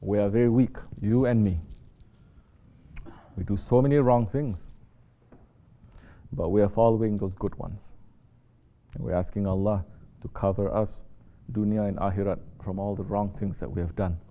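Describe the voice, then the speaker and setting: A sheikh giving a sermon, mostly soft-spoken and rising to sharp emphasis when he scolds. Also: lowish voice, fairly even intonation, normal speed, long pauses. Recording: dull lo-fi recording with faint noise.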